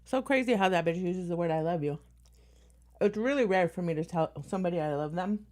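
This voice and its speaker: A woman streamer with a fairly low voice, hosting a casual reaction stream. She talks bluntly and swears freely, firing back in a combative tone. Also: expressive, fairly quick, a little mellow.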